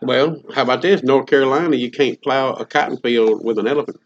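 A man's voice: medium pitch, fairly quick. A man in casual comedic chat, rambling through jokey stories with Southern slang. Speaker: co-host. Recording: dull lo-fi recording.

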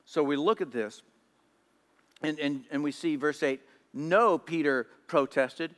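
A man's voice: on the high side, measured pace, fairly bright tone. A man preaching a sermon in storytelling style, often repeating words as he goes. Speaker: pastor. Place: church hall. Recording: echoey church hall.

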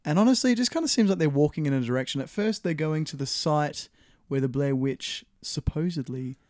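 A man's voice: on the high side, fairly quick, darkish tone, no echo, studio quality. A man co-hosting a casual film review podcast, easygoing and steering the talk with questions. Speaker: podcast co-host.

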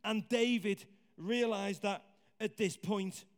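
A man preaching a sermon in a conversational, animated way, asking the congregation questions. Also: high voice, takes it slowly. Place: church hall with congregation. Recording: hall reverb.

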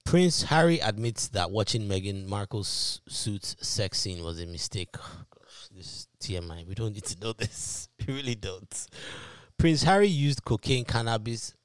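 A man co-hosting a podcast in casual chat, reading out news and reacting with animated, mocking asides. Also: on the low side, moderate pace, clear, resonant tone, dry recording. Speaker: podcast co-host.

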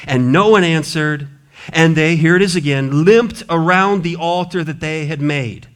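Man, pastor preaching in church; fairly high voice, lively and humorous delivery. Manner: lively, playful preaching with asides and trash-talk humor; animated, shifting between loud and hushed delivery. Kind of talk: sermon.

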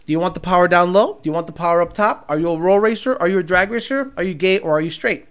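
A man's voice: high voice, fast talker, fairly bright tone. A young man hosting a casual livestream, reading chat and ranting bluntly with lots of profanity and boasting.

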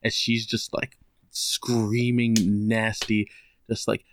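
A man's voice: mid-range voice, level tone, measured pace, no room sound, clean studio sound. A man co-hosting a casual podcast, telling a story animatedly and swearing a lot. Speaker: podcast co-host. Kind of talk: casual chat.

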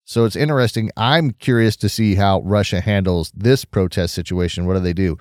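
A man from Southern California with a lowish voice, hosting a casual news commentary stream. He talks in a loose, opinionated way, reacting aloud to each story. The sound is close and dry. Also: fairly quick, dry recording.

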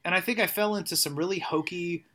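A man, a songwriter, talking casually in an interview, animated and rambling, with frequent restarts and swearing. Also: high-pitched, fast. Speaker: songwriter and musician guest.

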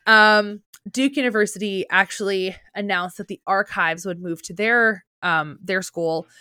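A woman's voice: medium pitch, moderate pace, pushed and bright, smooth, dry recording, clean studio sound. A young woman with a New Jersey accent, co-hosting a podcast in casual chat, full of "like" fillers and swearing. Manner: chatty, lots of "like" fillers, swearing. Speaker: podcast co-host.

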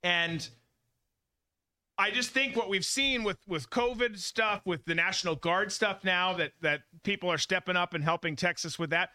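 A male podcast host talking in a loose, opinionated way. His voice sits high and has a sharp, very bright edge. He stresses his points by repeating them. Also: moderate pace. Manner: emphatic, repeats himself for stress. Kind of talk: casual opinionated chat.

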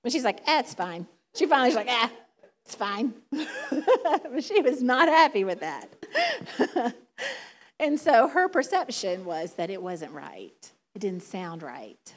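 A woman's voice: on the high side, very animated, unhurried. A woman with a Southern drawl giving a casual, chatty sermon to a congregation, laughing often and talking with many fillers. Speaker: church speaker. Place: church sanctuary before a congregation.

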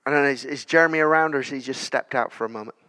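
A man in his thirties preaching a sermon in a church, telling stories that build to loud declarations. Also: mid-range voice, racing. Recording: long church hall reverb.

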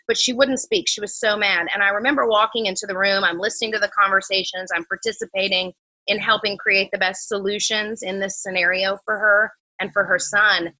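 A woman's voice: medium pitch, rough recording. A woman who works as a medium, telling a personal story earnestly in casual conversation. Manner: earnest, drops to a hushed voice when telling intimate moments.

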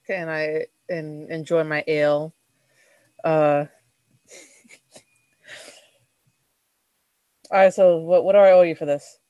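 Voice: mid-range voice, flat delivery, slow pace, pauses often, smooth, no echo, muffled recording. A player in a tabletop game, talking casually with laughs and hesitations. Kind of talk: casual tabletop role-play.

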